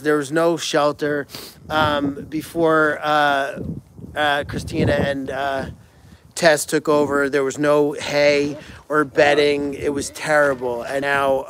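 A man with a notably high voice chats casually on a live stream from inside a barn, gushing about the animals. He drifts into soft, cooing baby talk when he speaks to them, with a faint hiss in the background. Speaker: animal sanctuary livestream host.

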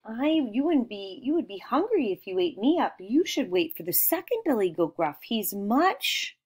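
A woman's voice: a little high, big pitch swings, normal speed, darkish tone, slightly rough. A woman voicing a small timid young billy goat who pleads breathlessly in a storybook retelling. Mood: pleading.

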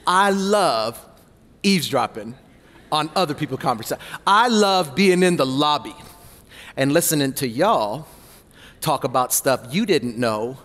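Male pastor, high voice, playful animated sermon, reverberant church hall. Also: unhurried. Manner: playful, animated storytelling with asides to the congregation.

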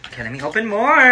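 Sassy young man, lively swooping pitch. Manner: sassy, profane, dramatic shrieks and gasps. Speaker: vlogger. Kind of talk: casual vlog chat.

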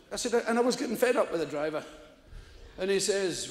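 A man's voice: sits high, lively intonation, quick pace. An older Scottish man telling a stand-up story, laughing often, swearing freely and acting out the people he quotes. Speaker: stand-up comedian. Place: large theatre stage. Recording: echoey hall, live stage recording.

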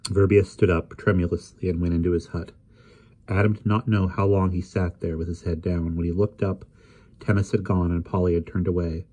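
A man reads a novel aloud at an unhurried, measured pace. His voice is very low and husky, with a breathy texture. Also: little pitch movement, dark tone. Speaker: audiobook reader.

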